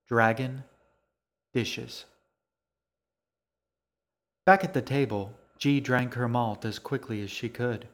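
A man narrating his own novel in a podcast, reading in a measured, unhurried way. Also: medium pitch. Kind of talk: scripted narration.

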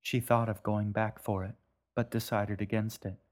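A man, the author, narrating his own story in a gentle, measured way. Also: on the low side, little pitch movement. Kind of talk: audiobook narration.

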